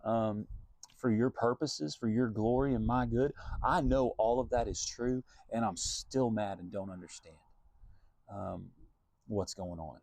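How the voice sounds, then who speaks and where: A man's voice: lowish voice, a little slow, vocal fry, a little mellow, dry recording. A man, a Christian singer-songwriter, giving an earnest, reflective devotional talk and thinking aloud as he goes.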